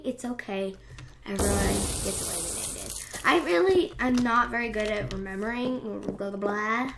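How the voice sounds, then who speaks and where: A young woman with a fairly high, creaky voice hosts a gaming channel, chatting casually over her play. Her commentary rambles and is self-deprecating, often dropping into whispered asides, and loud music plays in the background.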